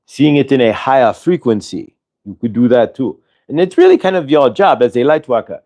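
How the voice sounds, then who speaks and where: A man's voice: medium pitch, darkish tone. Earnest man channeling spirit guidance. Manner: earnest, repetitive, coaxing delivery. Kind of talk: live channeling talk.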